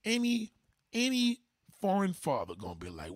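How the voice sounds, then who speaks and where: A man hosting a casual livestream. He tells stories in a loud, profane, animated way. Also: medium pitch, fairly quick, slightly rough, no room sound, studio quality. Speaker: livestream host.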